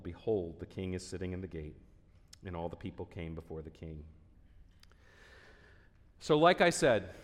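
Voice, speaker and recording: Earnest pastor preaching in a reverberant hall. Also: male voice. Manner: earnest, drops to a hushed low voice reading sad scripture. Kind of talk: sermon.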